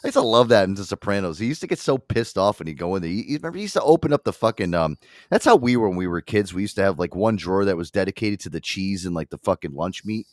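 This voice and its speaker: A male podcast host tells crude stories with a lively, swinging pitch, jumping into voices for the people in them. The sound is dry and close, with no room around it. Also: fast, no echo. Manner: profane animated storytelling, acts out friends' lines. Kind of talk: casual podcast chat.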